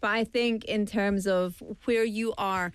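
A woman co-hosting a podcast, talking in a lively, articulate and animated way in casual chat. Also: mid-range voice, measured pace, clean tone, no echo.

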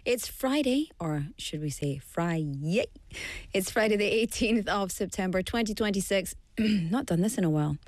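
A woman radio host with a slightly hoarse throat, chatting casually and correcting herself as she goes. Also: medium pitch, expressive, moderate pace, no echo. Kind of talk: bilingual radio chat.

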